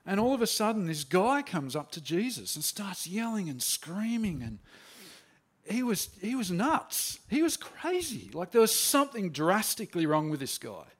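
A preacher speaking as an excited male disciple, retelling astonishing events in the first person. His fairly high voice jumps upward in bewildered outbursts. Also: moderate pace. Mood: animated storytelling. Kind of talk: first-person storytelling in a sermon.

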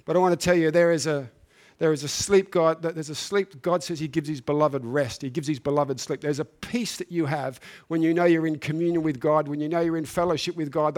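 A man preaching a sermon, reading scripture and then speaking earnestly, building to emphatic peaks and often restarting his phrases. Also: on the high side.

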